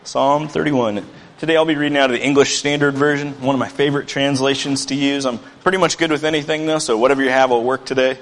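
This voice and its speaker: A man's voice: mid-range voice, steady tone, fast talker, a bit bright, long reverb tail, a little hiss or hum. A man preaching a sermon as pastor, earnest and building to emphatic bursts.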